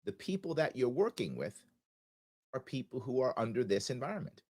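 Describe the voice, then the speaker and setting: A man's voice: medium pitch, big pitch swings, a little fast, a little mellow, breathy edge. Stuffy-nosed man hosting talk radio. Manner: emphatic, rhetorical questions, sarcastic asides. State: stuffy nasal voice from allergies. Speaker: radio talk show host. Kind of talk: live talk radio monologue. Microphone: studio microphone.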